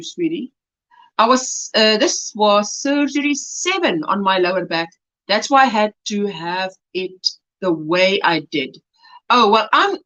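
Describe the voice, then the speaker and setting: A middle-aged South African woman with a medium-pitched voice hosts a casual crochet livestream, heard on a low-quality recording. Warm and chatty, she reads out viewer comments and greets people as "sweetheart."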